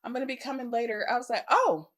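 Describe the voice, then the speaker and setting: A woman's voice: a little high, steady tone, very fast. A young adult woman chats casually as a podcast co-host. She tells stories animatedly, acting out quoted voices with bursts of laughter. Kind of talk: casual chat.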